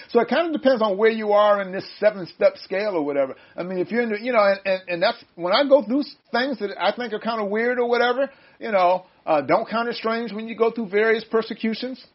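A high-voiced man leading a relaxed Bible study, animated and quick to laugh, slipping into preachy asides. The sound is dull and lo-fi. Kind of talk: casual Bible study discussion.

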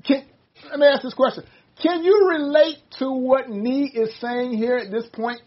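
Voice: high-pitched, fairly even intonation, moderate pace, highs cut off. An older speaker leading a casual Bible study discussion, rambling with many restarts and reading passages aloud.

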